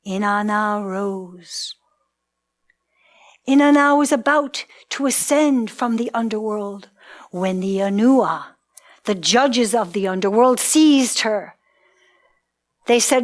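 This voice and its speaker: A woman's voice: medium pitch, slow pace, pauses often. A woman telling a myth in a ritual storytelling performance, in a dramatic, incantatory way.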